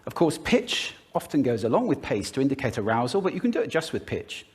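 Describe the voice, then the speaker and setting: A man giving a polished public talk on speaking, animated and demonstrative as he shows off pitch, pace and volume. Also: quick pace, few pauses. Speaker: speaker on voice and communication. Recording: played from a recorded talk.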